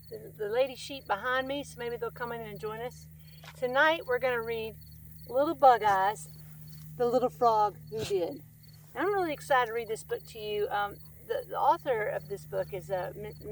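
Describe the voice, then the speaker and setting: A woman's voice: fairly high pitch, slight background noise. A woman hosting a storytime who reads a children's picture book aloud, friendly and chatty. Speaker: storytime reader and host.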